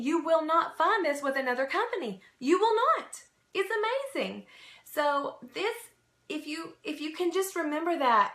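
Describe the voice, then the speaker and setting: Bright, high-voiced emphatic woman. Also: echoey room. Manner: emphatic, repetitive, pep-talk delivery. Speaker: team leader giving a sales training. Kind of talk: motivational training talk.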